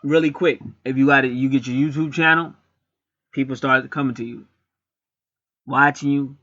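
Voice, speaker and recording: A man giving a casual astrology reading, talking in an animated, repetitive and blunt way. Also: mid-range voice, normal speed, no room sound, dull audio. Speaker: astrology and angel card reader. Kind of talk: casual spoken chart reading.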